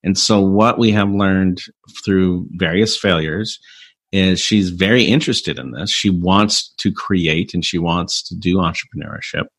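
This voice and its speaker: A man, a father and entrepreneur, explaining things in a measured, matter-of-fact way during a casual conversation. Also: low voice, fairly bright tone.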